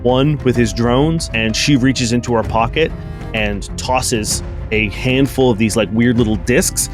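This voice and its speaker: Halting man narrating a tabletop game. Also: medium pitch, music in the background. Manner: halting, with many restarts and "like". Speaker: game master. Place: home recording for an audio podcast.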